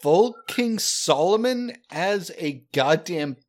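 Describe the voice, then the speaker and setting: A man playing a tabletop role-playing game, talking in an unhurried, halting way. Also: high-pitched, lively intonation. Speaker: player. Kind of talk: casual tabletop game talk.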